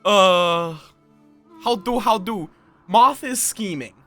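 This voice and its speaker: A tired male streamer chats casually while gaming on a livestream, playfully dropping into silly fake accents. His voice is high, slow, bright and pushed, with faint music playing in the background.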